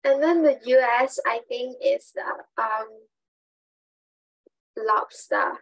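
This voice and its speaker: A woman answering in a class discussion, slow and hesitant. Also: fairly high pitch, creaky, rough recording. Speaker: student.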